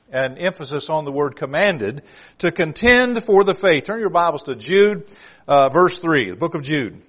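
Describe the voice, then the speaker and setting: A man's voice: fairly high pitch, lively intonation, moderate pace, a bit bright. A man preaching an evening sermon, reading scripture aloud and driving his points home with emphasis. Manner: emphatic, reads scripture aloud with rising force.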